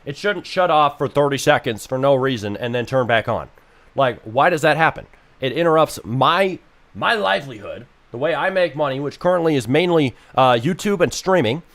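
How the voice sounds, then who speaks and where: Young man, live streamer, casual frustrated rant, swears a lot, average pitch. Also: expressive, moderate pace, a bit bright. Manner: frustrated, ranting, swears freely.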